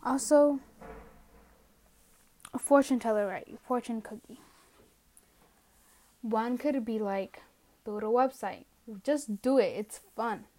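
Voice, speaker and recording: A woman's voice: fairly high pitch, a little mellow. A young woman hosting a casual solo podcast rant from home, rambling and self-mocking, a little out of breath. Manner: rambling, self-mocking, drifts into trailing asides. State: a bit out of breath. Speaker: podcast host. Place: at home, indoors.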